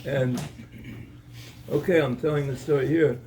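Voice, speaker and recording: Man, torah talk storyteller, halting delivery, repeats words, mellow tone, soft hiss behind. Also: medium pitch, steady tone, far from the mic, poor audio. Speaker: speaker giving a Torah talk. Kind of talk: storytelling at an evening gathering.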